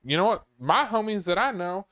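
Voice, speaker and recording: Smooth-voiced young man chatting casually. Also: sits high, a little fast. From New York. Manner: animated, loose, many fillers. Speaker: podcast guest. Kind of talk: casual chat.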